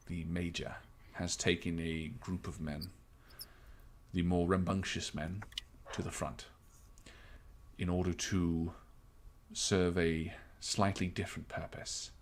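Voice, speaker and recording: A man voicing a stern, guarded army captain who speaks in a measured, grave way during a tabletop game. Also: deep voice.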